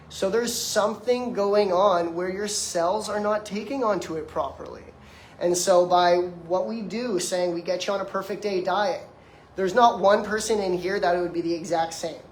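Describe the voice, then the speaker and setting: Here the young detox practitioner, in his twenties, sounds high-pitched and moves at a moderate pace as he lectures directly to his listeners. It's an emphatic, conversational motivational talk captured in an echoey room with slight background noise.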